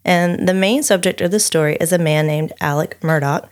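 A woman with a drawl and a slightly low voice narrates a researched true-crime case on her podcast at normal speed. She reads her notes steadily but breaks off for chatty, friendly back-and-forth with her co-host.

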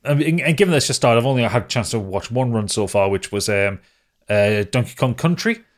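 A man's voice: medium pitch, lively intonation, brisk. A man co-hosting a podcast in casual chat, rambling with lots of fillers and casual swearing. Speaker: podcast co-host.

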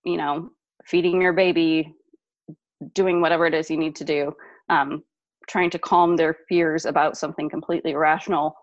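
A woman in her thirties, a guest on an interview show, telling a personal story in an animated way with frequent laughs. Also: low-pitched, normal speed, no room sound. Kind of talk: podcast interview. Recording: dull lo-fi dry sound.

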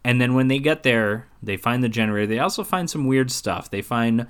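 A man co-hosting a podcast, casually recapping a movie plot in a rambling, filler-heavy way with quick laughs. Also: mid-range voice, clean tone. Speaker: podcast co-host.

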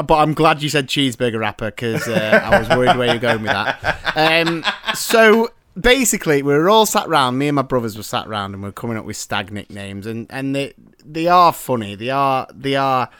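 A man's voice: mid-range voice, lively intonation, moderate pace, fairly bright tone, smooth, no room sound, clean studio sound. A man co-hosting a podcast, a casual chat, teasing his friend and laughing often. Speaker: podcast co-host.

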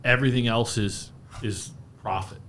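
A man's voice: medium pitch, steady tone, normal speed, a crowd in the background. A man from Philadelphia, a guest on a podcast, telling stories in an easygoing way with many fillers and restarts. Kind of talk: casual chat.

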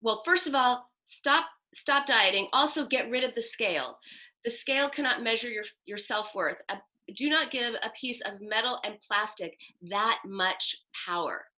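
Bright, emphatic woman psychoanalyst. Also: on the high side, expressive, normal speed, poor audio. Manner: emphatic, acts out quoted self-talk. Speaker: psychoanalyst guest. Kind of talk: podcast interview answers.

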